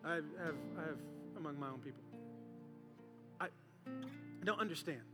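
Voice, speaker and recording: A man playing a hesitant woman who mutters her words almost inaudibly, halting and low, in a reverberant hall. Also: expressive, music in the background. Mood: muttering. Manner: muttering, barely audible, halting.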